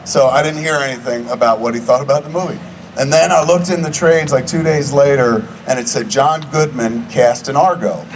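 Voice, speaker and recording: A man's voice: medium pitch, a little fast. Profane storytelling man, distant mic. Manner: profane, chatty, acts out both sides of conversations. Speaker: guest speaker at a film screening. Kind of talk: live storytelling anecdote to an audience. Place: screening venue with a live audience. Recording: distant mic in a noisy venue.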